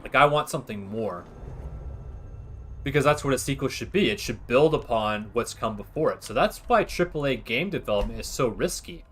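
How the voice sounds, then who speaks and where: Over slight background noise, a man streams a game and offers relaxed commentary, rambling through his opinions with lots of "like" and fillers. His voice is medium-pitched, expressive, fairly bright, and at normal speed.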